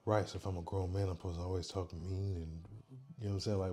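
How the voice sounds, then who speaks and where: Soft-spoken man chatting on a livestream. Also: sits low, little pitch movement, fast talker. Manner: soft, quiet, chill talk, reading chat aloud. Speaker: livestream host. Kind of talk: casual livestream chat. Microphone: microphone worn on the neck.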